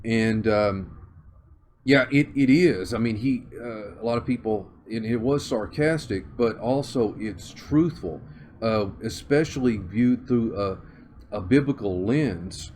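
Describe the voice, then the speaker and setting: Southern male interviewee, low-pitched, measured, searching for words. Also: darkish tone, a little hiss or hum. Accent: Southern US (Oklahoma). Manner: measured, thinks aloud with many fillers and restarts. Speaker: interview guest. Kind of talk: conversational interview.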